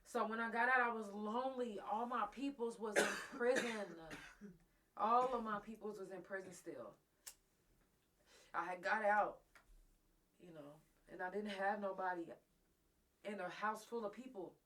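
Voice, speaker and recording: A woman's voice: medium pitch, normal speed, long pauses, a bit bright. A woman hosting a live talk show, telling a raw, profane personal story straight to her listeners while close to tears. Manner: raw, profane, emotional, addresses listeners directly. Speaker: host.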